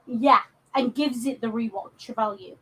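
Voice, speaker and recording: A woman's voice: a little high, steady tone, measured pace, husky, low-quality recording. A woman from England co-hosting a podcast, chatting casually about films with lots of ums and restarts. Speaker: podcast co-host. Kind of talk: casual film discussion.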